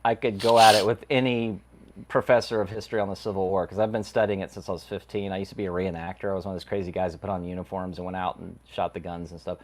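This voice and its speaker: A man's voice: deep voice, level tone, quick pace. A man, a guest comic creator, talking casually and rambling, laughing easily. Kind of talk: casual chat.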